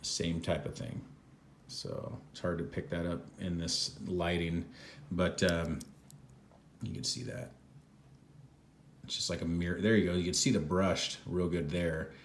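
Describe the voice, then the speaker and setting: Male reviewer, deep voice, casual rambling delivery, roomy echo. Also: measured pace, long pauses, a little hiss or hum. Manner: relaxed, rambling, many fillers. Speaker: watch reviewer. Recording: echoey room.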